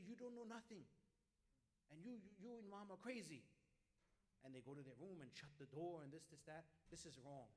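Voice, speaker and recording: A man giving an earnest Quran commentary as an imam in a mosque, now and then acting out quoted lines with loud bursts. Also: a little high. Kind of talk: mosque sermon.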